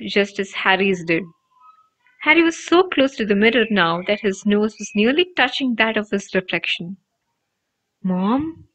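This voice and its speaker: A woman narrating an audiobook with expressive, emotive storytelling. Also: mid-range voice. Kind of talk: audiobook reading. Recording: dull lo-fi recording.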